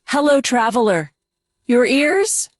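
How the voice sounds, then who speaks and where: A woman's voice: on the high side, big pitch swings, slow pace, dry recording, full character voice. A synthetic text-to-speech woman's voice voicing a wary female elf greeter of a fairy court, robotic yet emotive and questioning. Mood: suspicious. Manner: suspicious, questioning. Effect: AI voice-cloned text-to-speech.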